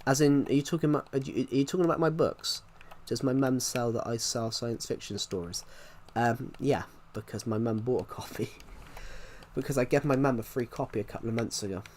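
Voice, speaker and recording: A man's voice: medium pitch, darkish tone, slight background noise. A young man chatting casually on a live stream while gaming, rambling and restarting his sentences. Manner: rambling, halting, many restarts.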